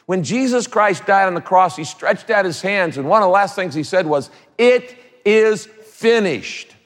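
High-voiced preacher in a reverberant hall. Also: male voice, a bit bright. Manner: emphatic preaching with repeated phrases and quick casual asides. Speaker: pastor. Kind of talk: sermon.

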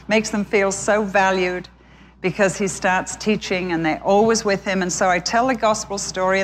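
A woman Bible teacher giving a sermon as an expressive children's story. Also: medium pitch.

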